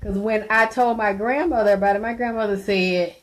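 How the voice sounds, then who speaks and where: A woman's voice: mid-range voice, fairly even intonation, moderate pace, hardly any pauses. A woman hosting a live stream, chatting brashly with her viewers, laughing and cursing freely. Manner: brash, profane, laughing, talks back to a chat. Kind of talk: casual live-stream chat.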